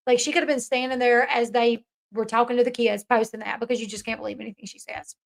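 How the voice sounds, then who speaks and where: A woman's voice: a little high, fairly even intonation, quick pace, vocal fry. A woman hosting a casual commentary talk, chatty and opinionated, reading out viewer comments as she goes. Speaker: host.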